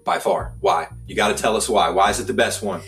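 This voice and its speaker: A man's voice: lowish voice, steady tone, fairly quick, a bit bright, faint music behind. A man hosting a podcast in a casual chat, asking eager follow-up questions and adding frequent "mm-hmm" as he listens. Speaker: podcast host.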